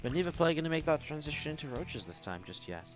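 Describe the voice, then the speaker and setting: A man's voice: on the high side, very animated, fast talker, faint music behind. A man from northern England with a northern English accent, casting a live esports match in a playful, jokey way. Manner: playful, jokey, laughs often. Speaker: esports caster.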